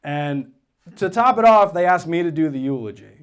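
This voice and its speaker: A man's voice: fairly high pitch, expressive, normal speed, smooth. A man in his thirties doing stand-up comedy on stage, telling a story in a conversational way and quoting people as he goes. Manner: conversational storytelling with quoted asides.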